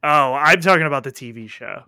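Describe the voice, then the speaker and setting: A man in casual podcast chat, animated and quick to argue, swearing freely. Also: medium pitch, clean tone, no room sound, studio quality.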